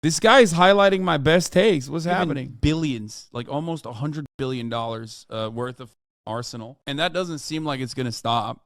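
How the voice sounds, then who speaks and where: A man's voice: on the high side, no room sound, studio quality. Sarcastic, profane American man streaming. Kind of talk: casual livestream commentary.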